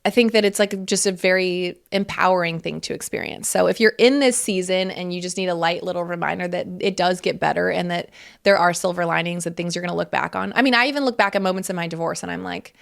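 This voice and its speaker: Woman, thirties, podcast host, gravelly vocal fry, candid, chatty, swears freely, laughs often. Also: fairly low pitch, quick pace. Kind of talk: casual solo podcast monologue.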